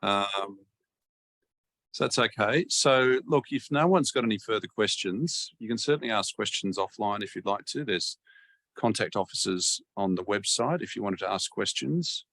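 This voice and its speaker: A deep-voiced man chairs a council webinar. His voice has a gravelly fry, and he speaks in a measured, hesitant way with plenty of fillers. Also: animated, a bit bright. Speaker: meeting chair.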